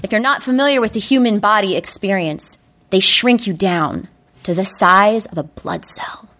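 A woman telling a funny personal story to an audience, animated and self-mocking, acting out her own panicky inner voices. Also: normal speed. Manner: acts out her inner voices with sudden high-pitched panic.

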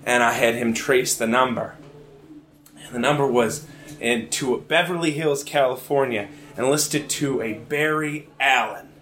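Rambling young comic in an echoey venue. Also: male voice, medium pitch, measured pace, fairly bright tone. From Richmond, Virginia. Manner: rambling, many restarts, laughing at his own jokes. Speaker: stand-up comedian. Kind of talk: stand-up storytelling. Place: live comedy venue.

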